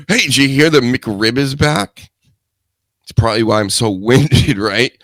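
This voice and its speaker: A man's voice: medium pitch, animated, takes it slowly, a bit bright, dry recording. A man hosting a solo chat show into a studio mic, rambling and joking with crude asides. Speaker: show host.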